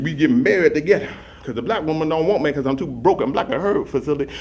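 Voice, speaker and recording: Fast-talking man telling rambling comic stories. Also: a little high, lo-fi sound. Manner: rapid, run-on, repetitive; animated, acts out scenes. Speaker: comic storyteller.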